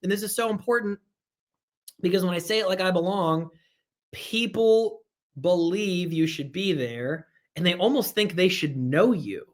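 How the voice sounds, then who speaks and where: A man with a somewhat high voice leads a live online sales training. He talks with energy, hammers his points home by repeating them and chats with viewers as he goes. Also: unhurried.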